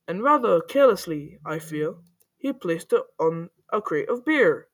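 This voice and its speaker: A woman reading a rhyming children's story aloud in a playful, animated way, with the odd slip. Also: fairly low pitch, measured pace. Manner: playful, animated, with small slips.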